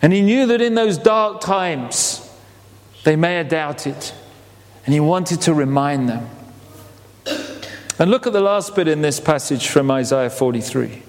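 A man preaching with a fairly high voice, animated and full of rhetorical questions and repeated words. The sound rings with a long reverb, as in a large hall. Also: unhurried, pauses often. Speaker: pastor. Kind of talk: sermon.

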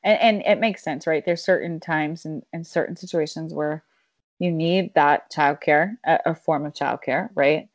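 Woman, 30s, podcast co-host, lowish voice, dry close sound, thoughtful and casually profane. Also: moderate pace, no echo. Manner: reflective, explains with examples, swears casually. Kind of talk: casual chat.

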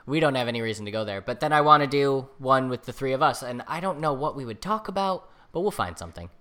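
A young woman co-hosting a podcast in casual chat, animated and swearing freely. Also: very deep voice, fast. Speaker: podcast co-host.

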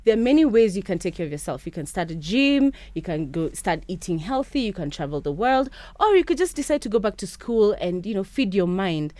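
A young woman from Kenya, a guest in a radio studio, telling stories in a chatty, animated way. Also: mid-range voice, a little fast, few pauses, dry recording. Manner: chatty, animated storytelling with quoted voices. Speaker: podcast host and interview guest.

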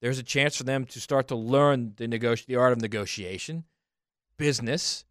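A man's voice: medium pitch, moderate pace, fairly bright tone, no room sound, clean studio sound. A man co-hosting a sports radio show, arguing emphatically and with sarcasm. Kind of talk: heated sports talk. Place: radio studio. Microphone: studio mic.

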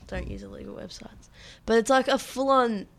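A woman's voice: a little high, moderate pace, gravelly. A woman co-hosting a casual chat podcast, steering the topics in a bossy way. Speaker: podcast co-host.

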